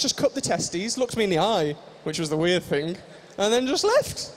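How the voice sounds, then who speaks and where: A man's voice: high voice, big pitch swings, normal speed, a little hiss or hum. A young man hosting a live stage show, joking and teasing the audience in improvised comic banter. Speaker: stage host at a live fan convention.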